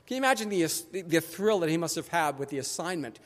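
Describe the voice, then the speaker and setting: A man delivers a sermon with a high, animated voice that leaps across a wide range. He speaks conversationally and puts on quick voices for the people in his story. A long reverb trails behind him in the church. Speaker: pastor. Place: church sanctuary.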